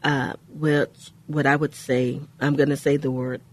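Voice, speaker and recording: A woman co-hosting a faith-based radio talk show, telling a personal story in an earnest way with pauses. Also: extremely low pitch, little pitch movement.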